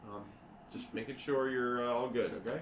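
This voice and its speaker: A man's voice: mid-range voice, steady tone, a little fast, noisy background. A man narrating a tabletop game as game master. He rambles casually and swears. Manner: rambling, laughing, profane asides. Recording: echoey room, mic at a distance.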